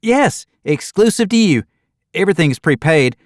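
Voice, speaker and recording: A woman's voice: fairly low pitch, sing-song, moderate pace, no room sound, studio quality, voice pushed up. A man voicing a breezy, blunt young female desk clerk in a thriller audiobook, with a chirpy, raised voice.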